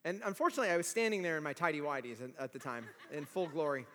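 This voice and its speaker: A man in his forties, a pastor preaching a sermon with animated, humorous storytelling, in a church. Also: a little high, very fast. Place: church sanctuary. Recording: long reverb of a large hall.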